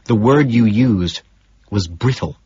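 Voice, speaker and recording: A man's voice: fairly low pitch, lively intonation, takes it slowly, darkish tone, breathy edge, no echo, muffled recording, exaggerated voice. A man doing a smug, needling finance bro. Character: smug petty young male finance colleague. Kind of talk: audiobook character voice.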